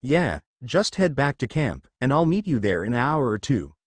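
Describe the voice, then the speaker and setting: A boastful old sage who loves the sound of his own voice, as a man reads him aloud. He blusters theatrically, with lively swings in pitch, in a dry, close recording. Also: normal speed, dry recording. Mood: coaxing. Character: lecherous old male toad sage mentor. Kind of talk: fan fiction audiobook reading.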